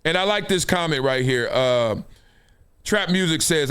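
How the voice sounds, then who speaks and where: A middle-aged man hosting a casual sports talk show, slangy and animated, acting out quick voices as he riffs. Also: a little high, clean tone. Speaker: show host. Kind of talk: casual commentary livestream.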